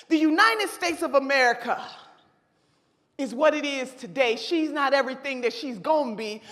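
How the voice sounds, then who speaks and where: A woman giving an impassioned political speech at a convention, with a fiery, preacher-like cadence and shouted repetitions. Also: sits high. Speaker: convention speaker. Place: large convention hall. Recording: long hall reverb.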